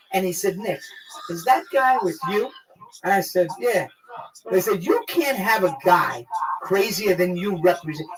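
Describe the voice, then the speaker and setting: A man with a New York accent telling a profane story as a guest, loud and excitable, acting out the quotes. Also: high voice. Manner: loud, excitable, swears a lot, acts out quotes. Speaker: guest actor. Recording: distant mic, noisy crowd behind.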